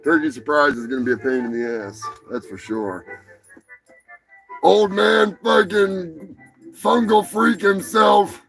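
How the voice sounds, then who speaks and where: A man's voice: on the high side, takes it slowly, vocal fry, soft background music, rough recording. A man hosting a live stream, rambling and crude in a comedic chat. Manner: rambling, crude, mock-shouting.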